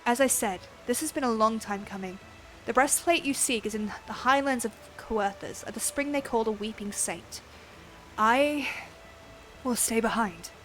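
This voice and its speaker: A woman reading aloud the earnest, measured lines of a solemn warrior from a shunned people in a video game. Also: fairly high pitch, a bit bright, slight background noise, lightly acted, low-quality recording.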